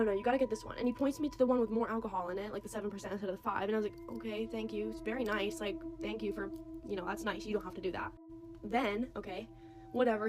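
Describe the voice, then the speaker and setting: Young woman, casual storytime, slightly high-pitched, animated retelling. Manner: animated, quotes others' voices, many "like"s.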